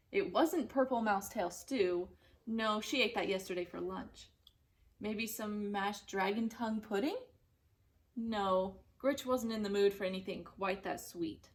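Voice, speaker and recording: Slow gentle young woman reading aloud. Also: medium pitch. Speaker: reader. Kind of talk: reading a children's picture book aloud.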